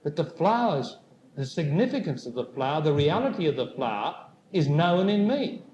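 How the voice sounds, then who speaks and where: A man giving a spiritual talk to a live audience, speaking slowly and deliberately and putting questions to the listeners. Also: fairly high pitch, sing-song, a little mellow, muffled recording. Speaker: spiritual teacher. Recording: echoey room with faint noise.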